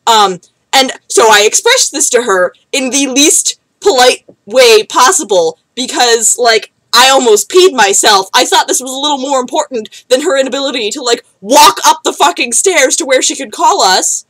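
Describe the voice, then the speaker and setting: A woman's voice: sits high, expressive, moderate pace, a bit bright, dry recording, low-quality recording. A young woman telling a rambling story to camera, with many fillers and frequent swearing. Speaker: vlogger. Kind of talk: casual storytelling.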